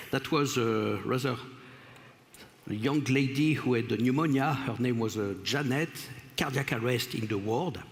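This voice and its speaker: Male lecturer, French accent, hesitant delivery, reverberant hall. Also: medium pitch. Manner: apologetic, halting, with frequent pauses and fillers. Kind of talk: conference lecture. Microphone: stage microphone.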